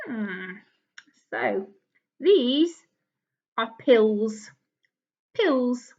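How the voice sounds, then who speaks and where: A woman teaching a phonics lesson to young children, speaking gently and encouragingly as she claps out syllables. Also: a little high, animated, a little slow, lo-fi sound.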